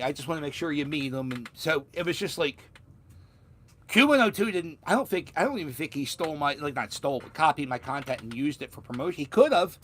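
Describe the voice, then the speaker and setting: A man's voice: on the high side, a bit bright, slight background noise. A man from Philadelphia with a Philadelphia accent, telling a story in a casual vlog, rambling with restarts and the odd swear word. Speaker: vlogger.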